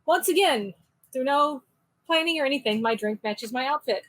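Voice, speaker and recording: Bubbly, high-voiced woman co-host. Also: animated, normal speed, a bit bright. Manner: bubbly and joking. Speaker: podcast co-host. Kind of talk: casual segment presenting.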